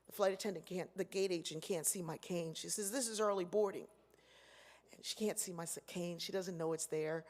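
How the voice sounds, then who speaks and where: A woman's voice: lowish voice, fairly quick. A woman giving a keynote address, telling stories and acting out the voices of the people in them. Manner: animated, acts out voices in her stories. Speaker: keynote speaker. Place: large convention hall. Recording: echoey hall.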